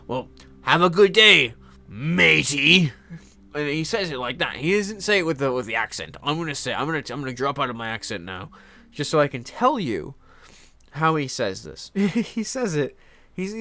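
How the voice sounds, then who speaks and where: A man's voice: mid-range voice, bright, forceful tone. A young man casually telling rambling stories, swearing often, laughing and mimicking people he met. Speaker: host. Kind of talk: casual storytelling.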